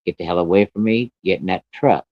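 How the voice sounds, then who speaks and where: An enraged farmer father barking quick, cursing demands, as a man storyteller puts him on. The voice is pushed up high and fast over a low natural register. It sounds dull and lo-fi in a dry, close space. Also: dry recording. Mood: furious. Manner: yelling, rapid, cursing. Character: furious hot-headed farmer father scolding his son.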